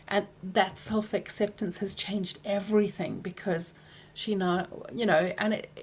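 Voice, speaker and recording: A woman coaching viewers directly, speaking earnestly and gently, often trailing off softly at the ends of phrases. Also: medium pitch. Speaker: program coach.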